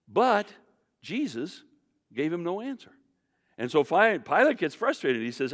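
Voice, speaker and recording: A man's voice: mid-range voice, big pitch swings, a little fast, in a large hall. A man teaching a Bible class, lecturing emphatically and putting questions straight to the class.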